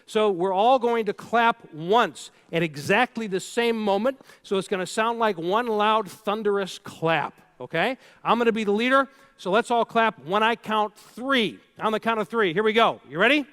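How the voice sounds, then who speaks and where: A man's voice: high voice, moderate pace, few pauses, a bit bright. A man giving a live keynote talk, telling stories playfully and speaking straight to the audience. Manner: storytelling, playful, engages the audience directly.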